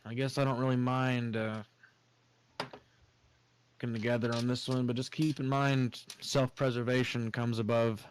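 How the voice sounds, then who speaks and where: A man's voice: medium pitch, level tone, moderate pace, pauses often, a little hiss or hum. A man playing a tabletop role-playing game, talking in a laid-back way and swearing casually. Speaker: player. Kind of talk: tabletop role-play, in and out of character.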